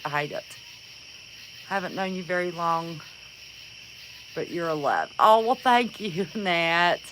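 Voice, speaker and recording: A woman's voice: on the low side, background noise. A woman hosting a casual livestream, chatting and greeting viewers by name and calling them honey. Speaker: livestream host.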